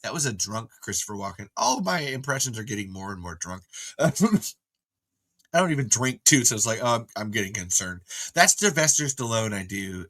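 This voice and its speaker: Excitable rambling man, low bright voice. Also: fairly quick. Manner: rambling, excitable, trails off and restarts. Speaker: host. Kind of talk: casual livestream chat. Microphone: camera mic on a livestream.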